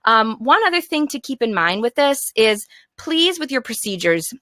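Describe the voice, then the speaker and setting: A bright-toned young woman coaches teachers in an upbeat, encouraging way, now and then slipping into the voice she uses with her class. The sound is close and dry, with no room around it. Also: a little high, very animated, normal speed, no room sound. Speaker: teacher trainer.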